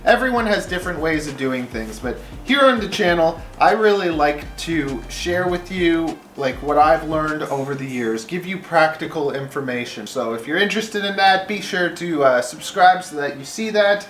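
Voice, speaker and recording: A man's voice: on the high side, expressive, normal speed, few pauses, fairly bright tone, slight background noise. A man hosting his reptile-breeding channel, explaining things in a friendly, chatty, practical way. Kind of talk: casual vlog explanation.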